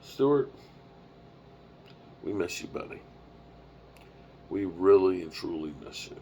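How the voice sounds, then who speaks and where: A man's voice: deep voice, fairly even intonation, measured pace, mellow, muffled recording, a little hiss or hum. A man in his fifties, tired and rambling, talking casually on a live stream from the road through a microphone and small mixer. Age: 50s. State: tired, yawning. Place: on the road, mobile setup.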